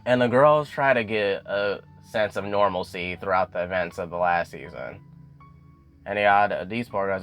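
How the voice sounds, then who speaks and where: Young man, low-pitched voice, casual show recap, chatty with lots of fillers, faint music underneath. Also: a bit bright. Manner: chatty, full of "you know" fillers, acts out quotes.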